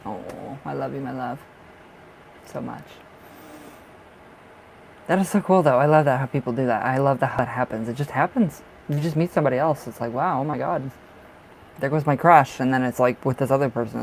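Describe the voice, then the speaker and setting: A man's voice: medium pitch, fairly quick, creaky, a little mellow, slight background noise, rough recording. A man doing a live tarot reading who chats casually with viewers, gushing and affectionate, often restarting and repeating himself. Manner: chatty with frequent restarts and repeats. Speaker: tarot reader. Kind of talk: casual livestream chat.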